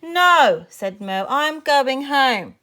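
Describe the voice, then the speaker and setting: A little girl with a high, emotional voice that swings widely, as a woman reads her in a storybook. She cries out her lines with feeling. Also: lively intonation, slow pace, bright, forceful tone, full character voice. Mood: upset. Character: young girl who loses her toy robot.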